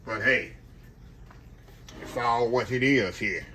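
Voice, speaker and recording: Older guy cooking at home, folksy y'all talk, bright voice, pots clinking a little behind. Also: medium pitch, slow pace, slight background noise. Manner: folksy, talks to viewers as y'all. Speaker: home cooking channel host. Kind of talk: casual cooking demonstration. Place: home kitchen.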